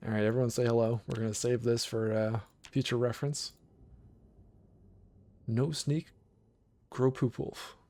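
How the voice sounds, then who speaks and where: A man's voice: mid-range voice, unhurried, pauses often. A man streaming a video game, chatting casually with his viewers as he picks options. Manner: relaxed, chatty, talks to chat while picking options. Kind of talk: casual game livestream commentary.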